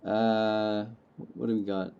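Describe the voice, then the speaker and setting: Male streamer, relaxed and rambling, raspy gravel in the voice, slightly muffled lo-fi mic. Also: fairly low pitch, takes it slowly. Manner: laid-back, rambling, joking. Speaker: livestreamer playing a farming game. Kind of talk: casual gameplay chat with viewers.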